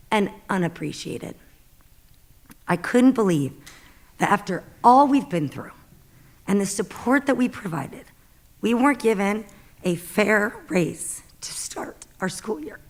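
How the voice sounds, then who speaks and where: A woman's voice: medium pitch, fairly bright tone. Woman, middle-aged, teacher, public comment, emotional, crying, earnest plea. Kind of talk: public comment at a school board meeting.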